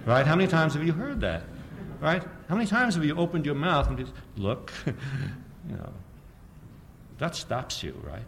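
A man's voice: on the high side, sing-song, normal speed, fairly bright tone, a little hiss or hum. Sardonic older man lecturing. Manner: sardonic, storytelling, asks the audience rhetorical questions. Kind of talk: public lecture.

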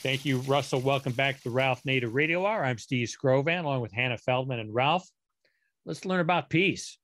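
A man co-hosting a radio show, announcing segments smoothly. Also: medium pitch, normal speed, fairly bright tone. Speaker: radio co-host.

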